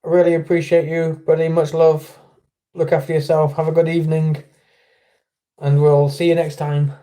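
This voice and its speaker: Chatty English man, mellow voice. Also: fairly high pitch, monotone, moderate pace. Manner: friendly, chatty, greets viewers by name. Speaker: livestream host. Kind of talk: casual livestream chat.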